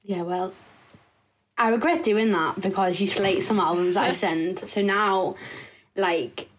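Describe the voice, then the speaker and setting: A woman's voice: mid-range voice, unhurried, poor audio. Young woman, teasing and playful, faint noise behind. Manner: teasing, playful, self-mocking. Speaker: podcast guest. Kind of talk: casual chat.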